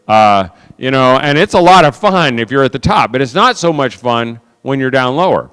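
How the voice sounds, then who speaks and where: Animated male speaker, smooth and resonant, acts out every voice in his stories. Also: medium pitch, normal speed, few pauses, long reverb tail. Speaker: conference speaker. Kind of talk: storytelling talk to an audience.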